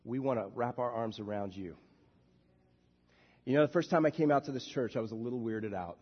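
A man preaching a sermon as a minister, swinging from soft, quiet passages to loud shouted bursts. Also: medium pitch, brisk, breathy edge, big-room sound, dull audio. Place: church sanctuary.

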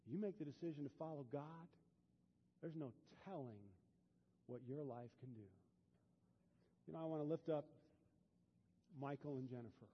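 A pastor preaching a sermon in a church, dropping to a hush and then building to loud, fervent peaks. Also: male voice, a little high, normal speed, long pauses, breathy edge. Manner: swings from hushed to loud and fervent. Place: church sanctuary. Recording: dull, long hall reverb.

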